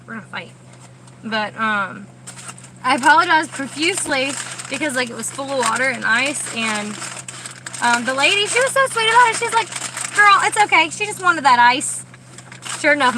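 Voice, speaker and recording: A young woman chatting casually from a parked car, rambling, talking in a high baby voice to her dogs between asides. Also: noisy background. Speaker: vlogger with service dogs. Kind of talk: casual chat.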